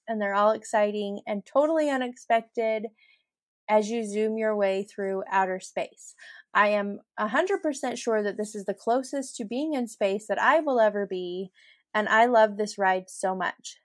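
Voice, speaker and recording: A woman's voice: medium pitch, no echo, studio quality. A middle-aged woman hosting a solo podcast, chatty and giggly as she tells stories and laughs through them. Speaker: podcast host. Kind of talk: casual solo podcast storytelling.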